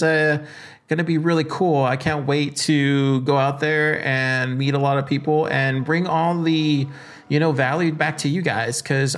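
A man hosting a podcast, talking loosely and casually with lots of fillers. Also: on the high side. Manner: loose and chatty with many fillers. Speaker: podcast host. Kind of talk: casual solo podcast talk.

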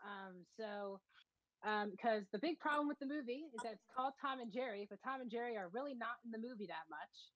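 A woman's voice: on the high side, fairly quick, a bit bright, no echo, muffled recording. A woman co-hosting a podcast, reviewing movies in a matter-of-fact, casual way with frequent ums.

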